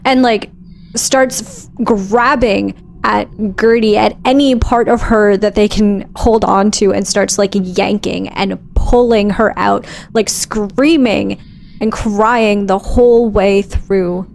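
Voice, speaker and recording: A woman narrating her character's actions in a tabletop game, slow and descriptive with some hesitation. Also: medium pitch, steady tone, vocal fry, darkish tone, slight background noise. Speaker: player.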